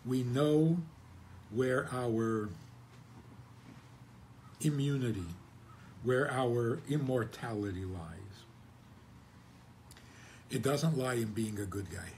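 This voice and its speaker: Wry rabbi giving a chuckling talk. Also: male voice, medium pitch, slow, pauses often, a little mellow, slight background noise. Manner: chuckling, rhetorical questions, wry humor. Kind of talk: conversational Torah talk.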